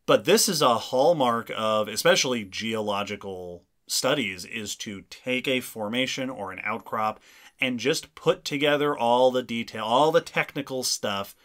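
A man co-hosting a science podcast, explaining research studies in a clear, measured way. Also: medium pitch, fairly bright tone. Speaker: podcast co-host. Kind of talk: casual science podcast chat.

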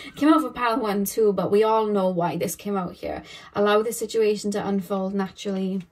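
A woman's voice: medium pitch, brisk, a little mellow. A young woman giving a casual, rambling tarot reading to camera, laughing often and acting out little quoted voices. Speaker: tarot reader.

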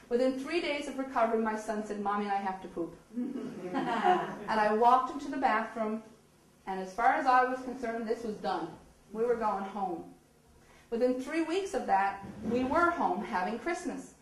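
A woman giving a lively storytelling speech, often laughing and acting out the voices of people in her story. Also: fairly high pitch, slight background noise. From eastern Canada. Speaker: speaker telling her story. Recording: echoey hall, distant mic.

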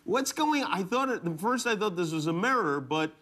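A man hosting a late-night talk show, asking quick, teasing questions of his guest. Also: high voice, expressive, a bit bright. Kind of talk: interviewing a guest. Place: television studio.

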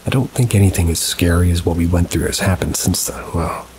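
A man reading true paranormal stories aloud in a measured, somber storytelling manner with dry asides. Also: sits low, background noise. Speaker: story narrator. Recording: steady rain sounds behind the voice. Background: rain ambience.

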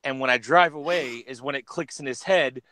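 Male co-host, casual storyteller, animated character voices, dead-dry close recording. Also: fairly quick, dry recording. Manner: animated, jumps into high voices for quoted characters. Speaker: podcast co-host.

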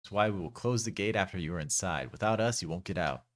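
A man putting on a gruff threatening thug, deep voice, dry close mic. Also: fast, fairly bright tone, no echo. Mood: bossy.

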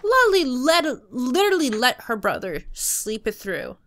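A woman's voice: sits high, wildly swooping pitch, a little slow, a bit bright. A young woman giving casual gameplay commentary, chatty, talking to and scolding the game characters as she plays. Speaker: let's play host.

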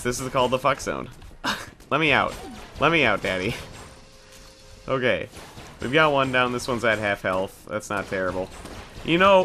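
A man's voice: medium pitch, sharp tone, slight background noise. A young man casually commenting on his own gameplay, cursing, joking and mocking himself, with bursts of mock panic. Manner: jokey, profane, self-mocking, quick bursts of panic. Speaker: gaming video host. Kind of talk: casual let's play commentary.

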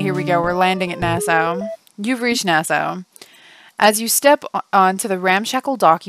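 Brief: casual woman gamer, mid-pitch, chatty commentary over game music. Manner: chatty, laughing, thinking aloud. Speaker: gaming channel host. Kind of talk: casual let's play commentary.

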